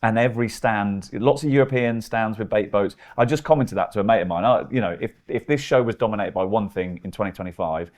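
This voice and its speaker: Low-voiced podcast host, quick and hesitant, leans on fillers. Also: male voice, a little mellow. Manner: hesitant, full of fillers and restarts while thinking aloud. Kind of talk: casual chat.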